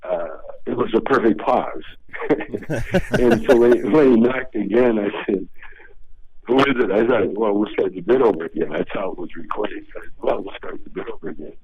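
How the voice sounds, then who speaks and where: A man's voice: on the low side, moderate pace, muffled recording. An older man, a comedian, telling rambling, laid-back stories as a radio interview guest, often restarting his sentences. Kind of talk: casual storytelling.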